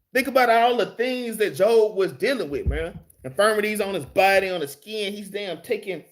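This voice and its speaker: A man teaching a casual Bible class over his phone, slangy and streetwise, swearing freely and calling listeners y'all and man. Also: high-pitched. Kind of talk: casual live-streamed Bible study.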